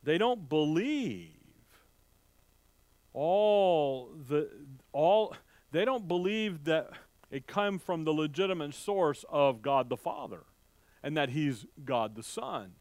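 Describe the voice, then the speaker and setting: A man giving a verse-by-verse sermon, his voice a touch high and his delivery slow and deliberate. He reads old scripture lines carefully, then lifts his voice to play the doubting townsfolk, often stopping to restart a thought. The sound is close and dry, with no room echo. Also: animated, a little mellow. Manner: conversational, acts out the townspeople's voices with rising pitch; halting restarts, reads King James verses slowly. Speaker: pastor. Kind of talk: sermon, verse-by-verse Bible teaching.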